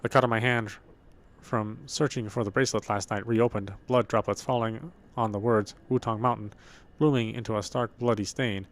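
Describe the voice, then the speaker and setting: A man reading a game's story text aloud while playing, slow and heartfelt, with stumbles and restarts. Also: lowish voice. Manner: reads slowly with feeling, stumbles and restarts. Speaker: gameplay streamer.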